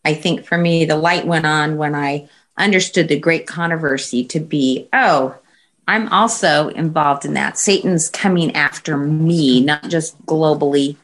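Woman, very low voice, earnest Bible study sharer. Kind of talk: group discussion.

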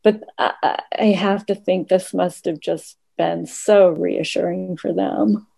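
Woman, Bible study participant, slow and halting, warm low-key tone with some fry. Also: fairly even intonation. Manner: hesitant, searching for words. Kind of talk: reflective group discussion.

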